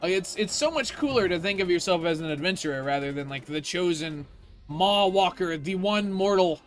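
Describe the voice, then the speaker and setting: A man's voice: high-pitched, lively intonation, moderate pace, soft background music. A man streaming a video game, ranting in casual, profane commentary.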